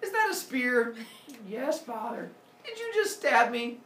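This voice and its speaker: A man voicing an easily offended sky-father god, with an exaggerated, shouting cartoonish delivery. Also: very high-pitched, sing-song, a little slow, pitched above the performer's own voice, full character voice. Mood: outraged. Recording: roomy, distant mic, faint noise.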